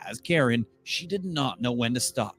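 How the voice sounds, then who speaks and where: A man's voice: medium pitch, expressive, normal speed, fairly bright tone, slightly rough, faint music behind. Matter-of-fact male narrator. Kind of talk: scripted narration.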